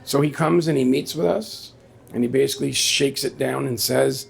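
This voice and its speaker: A man's voice: medium pitch, normal speed, vocal fry, slight background noise. A man telling a personal story on stage at a live story slam, in a conversational way, quoting the people in it. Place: small venue with a live audience.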